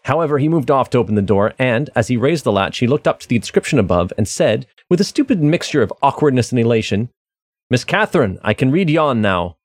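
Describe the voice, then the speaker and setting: A man's voice: medium pitch, expressive, fast, hardly any pauses, darkish tone, no echo. A man discussing a novel casually and frankly, then reading passages from it aloud. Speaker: discussion participant.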